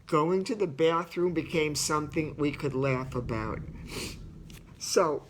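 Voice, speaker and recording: A woman's voice: sits low, a little hiss or hum. An older woman reading aloud from her memoir and talking it over, reminiscing and breaking into laughter as she goes. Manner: slow, unhurried delivery. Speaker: author reading and discussing her book. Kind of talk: book reading mixed with personal talk.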